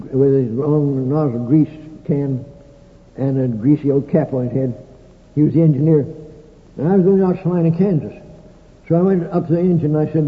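Older male preacher, tinny old hall recording. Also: fairly high pitch. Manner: folksy storytelling with dry humorous asides. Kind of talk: sermon.

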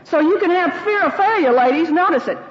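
High-voiced woman teaching in an echoey hall. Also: animated, brisk. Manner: folksy, personal anecdotes and quoted prayers. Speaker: women's Bible teacher. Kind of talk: teaching talk to women. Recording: dull, roomy hall sound.

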